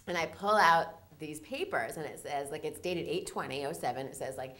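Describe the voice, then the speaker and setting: A woman casting director telling a story in an interview, excitable, acting out both sides of the conversation and breaking into shrieks of disbelief. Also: low-pitched, moderate pace.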